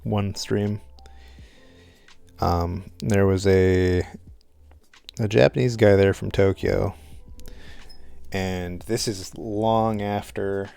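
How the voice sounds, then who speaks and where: A man's voice: deep voice, fairly even intonation, very slow, creaky, long pauses, dark tone, smooth, faint music behind. A man telling a rambling story on a live stream while he paints, hesitant and self-conscious, with a dry throat.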